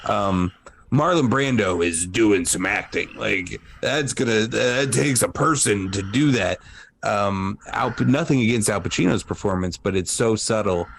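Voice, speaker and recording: A man's voice: on the low side, unhurried, creaky, a bit bright, a little hiss or hum. A man hosting a casual podcast chat, blunt and rambling, swearing freely. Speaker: podcast host.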